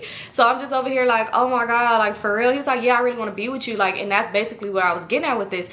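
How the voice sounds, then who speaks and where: Fast-talking young woman telling a story. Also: on the high side, a little hiss or hum. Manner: animated, acts out both sides of a dialogue, addresses viewers directly. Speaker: vlogger telling a personal story. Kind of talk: casual storytime.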